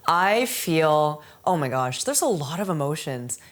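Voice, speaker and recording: Woman, 40s, low voice; candid, emotional interview talk, quick to laugh. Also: sing-song. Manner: emotional, laughing often, lots of "like" and "right?". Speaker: amateur Muay Thai fighter.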